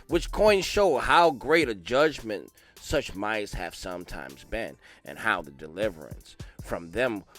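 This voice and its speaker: A young man reading a history book aloud, breaking in with loud, slangy asides and dropping to quiet mumbled reading. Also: mid-range voice. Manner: animated slangy asides between read passages. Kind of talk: casual read-along with commentary.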